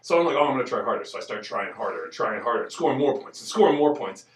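A man in casual podcast chat, telling stories in an animated, excitable way. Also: medium pitch, very fast, reverberant, far from the mic.

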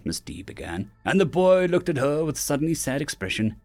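A man's voice: a little fast, hardly any pauses, soft background music. A man narrating a fantasy web novel as an audiobook, lifting his voice for the characters' lines. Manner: lively, raises pitch for character lines.

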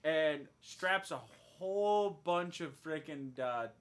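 Animated man retelling a show. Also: takes it slowly. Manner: animated storytelling, acts out lines with big pitch jumps. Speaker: podcast host. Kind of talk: casual chat recapping a show.

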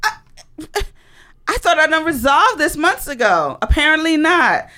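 A woman telling a personal story in a casual monologue, animated and blunt, with dramatic emphasis and swearing. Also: high voice, unhurried.

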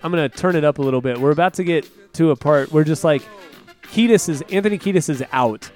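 A man's voice: on the high side, fast, darkish tone, soft background music. A young man co-hosting a casual album review podcast, laid-back, saying dude and like a lot and laughing easily. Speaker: podcast host.

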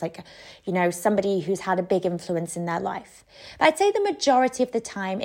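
A woman's voice: a little high, darkish tone. A woman podcast host and coach giving conversational advice, with frequent "you know" and "sort of" fillers.

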